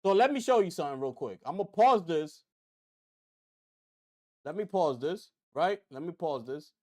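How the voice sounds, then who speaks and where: Man streaming gaming news, high voice, very lively pitch, repeats phrases, talks to chat. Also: moderate pace. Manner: animated, repetitive, talks straight to viewers. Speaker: gaming livestream host. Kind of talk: casual livestream commentary.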